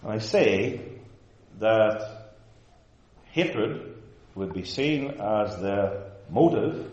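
Emphatic preacher in echoey church. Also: male voice, on the low side, expressive, extremely slow. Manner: emphatic, swells to loud forceful outbursts. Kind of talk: sermon. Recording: dull, very echoey church hall.

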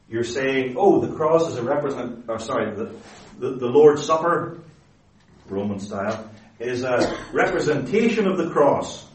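A man delivering a teaching sermon in a roomy, echoing hall. He leans hard on key words and slows down to draw them out, then correcting himself and pressing on. His voice sits at an ordinary middle pitch. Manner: emphatic, deliberate, stretches key words, self-correcting. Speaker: preacher. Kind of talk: theological lecture-sermon.

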